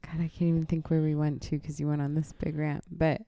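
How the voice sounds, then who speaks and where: A woman co-hosting a comedy podcast in casual chat, halting and full of fillers. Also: low-pitched, flat delivery, dark tone, no echo. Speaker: podcast co-host.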